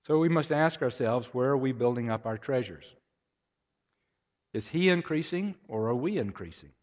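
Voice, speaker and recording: A man's voice: mid-range voice, expressive, moderate pace, darkish tone. Guy giving a sermon, storytelling, echoey church hall, kinda dull lo-fi sound. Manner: storytelling, acts out voices in anecdotes. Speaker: preacher.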